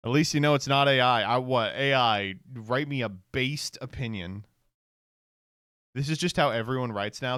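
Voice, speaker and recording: A man's voice: medium pitch, moderate pace, a bit bright, smooth, dry recording, clean studio sound. A man streaming casual commentary, reacting to online posts with sarcastic remarks, frequent laughter and text read aloud.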